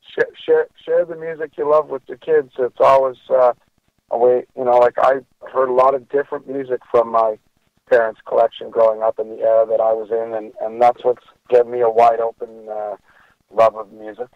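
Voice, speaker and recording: A man chatting casually as a guest musician, animated and storytelling. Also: mid-range voice, normal speed, no room sound. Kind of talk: casual chat. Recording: dull lo-fi audio.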